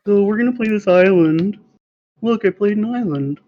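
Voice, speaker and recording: A woman's voice: mid-range voice, animated, moderate pace, dull audio. A woman player hesitantly narrating her turn, with many fillers and self-mocking asides. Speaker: card game player. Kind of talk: casual game-night chat.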